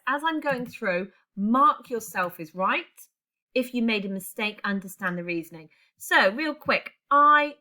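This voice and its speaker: A woman's voice: medium pitch, fairly bright tone. A woman teaching a language lesson online, explaining step by step and putting questions to her class. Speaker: English teacher.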